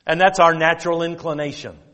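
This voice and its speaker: A male pastor preaching a sermon with emphatic, drawn-out stress on key words and quotes of King James scripture. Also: a little high, steady tone, bright, forceful tone. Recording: long reverb of a church hall.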